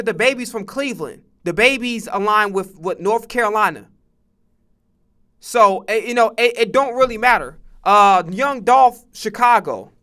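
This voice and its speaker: A man with a high, bright and very clear voice gives casual reaction commentary on a stream. He talks bluntly and curses a lot. He stumbles over his words and restarts often while working through his opinion. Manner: blunt, profane, rambling with many restarts.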